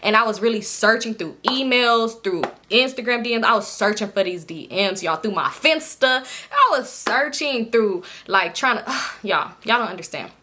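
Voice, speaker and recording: A young woman tells her viewers a story in a bright, fairly high voice. She talks in an animated way and swears freely as she goes. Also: normal speed. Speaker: vlogger. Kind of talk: storytime vlog.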